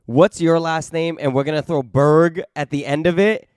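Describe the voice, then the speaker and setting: A man with a smooth, resonant voice hosts a relaxed podcast chat, asking questions in an easygoing way and joking now and then. The sound is close and dry, with no room around him. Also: a little high, normal speed, no room sound. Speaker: podcast host. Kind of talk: casual interview chat.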